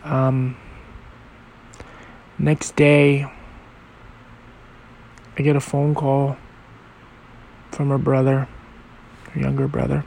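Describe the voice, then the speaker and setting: A man hosting a podcast episode, telling a personal story in a halting, reflective and emotional way. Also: mid-range voice, completely flat delivery, gravelly, darkish tone, a little hiss or hum. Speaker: podcast host.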